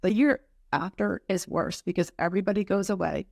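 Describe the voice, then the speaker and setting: A middle-aged woman speaks as a podcast guest in an earnest, open way. She keeps breaking into quick acted-out versions of her own past reactions. Her voice sits in an ordinary middle range and sounds close and dry, with no room around it. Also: medium pitch, fairly even intonation, vocal fry, a little mellow, no room sound. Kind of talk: candid personal storytelling.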